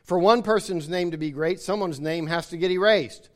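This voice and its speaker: A high-pitched male voice delivers a sermon with emphasis, at a normal speed. Repetition of key phrases reinforces each point, and he calls out to the listeners seeking agreement.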